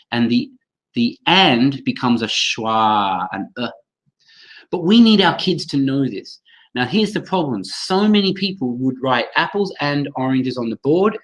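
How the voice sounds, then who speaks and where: A man's voice: medium pitch, rough recording. A man running a live webinar for teachers, speaking enthusiastically, calling on attendees by name and modelling pronunciation aloud over a computer mic. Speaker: teacher trainer hosting a webinar.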